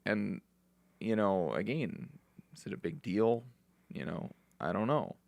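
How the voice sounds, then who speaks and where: A man guesting on a podcast gives advice in a relaxed, meandering way, often restarting his sentences. His voice is very deep and heavily gravelly, yet his pitch moves with lively swings. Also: unhurried, no echo. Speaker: podcast guest, recovery mentor. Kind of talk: reflective conversational advice.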